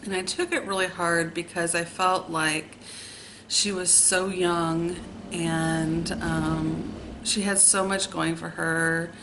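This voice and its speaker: A woman telling a personal ghost story in a hesitant way, pausing often with fillers. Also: fairly low pitch, level tone, background noise. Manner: slow, hesitant, with many pauses and fillers.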